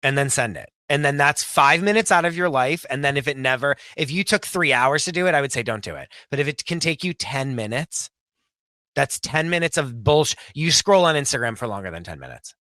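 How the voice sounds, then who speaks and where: Guy guesting on a podcast, blunt and swears a lot, lively bouncy voice, bright tone. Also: medium pitch, brisk, dry recording, studio quality. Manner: blunt, profane, animated storyteller. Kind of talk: casual chat.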